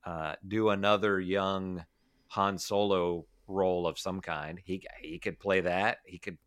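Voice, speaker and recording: A man's voice: sits low, steady tone, measured pace, fairly bright tone, smooth. A man chatting on a podcast, agreeable and hesitant, often stumbling over his words. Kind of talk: casual chat.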